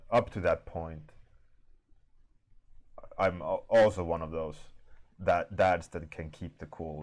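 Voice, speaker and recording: A man with a deep, low voice chats casually with viewers during a live art warmup stream. He talks in an easygoing, unhurried way and drawls his words out slowly. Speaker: artist streaming a warmup session. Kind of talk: casual chat to a live audience.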